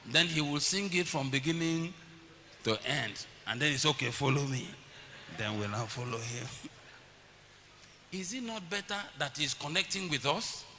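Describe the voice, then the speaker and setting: In this sermon, a middle-aged pastor shares stories about his family, imitating his kids as he goes. His voice is a little high, animated, bright and forceful, at a measured pace, captured in a church hall with long reverb and a faint hiss.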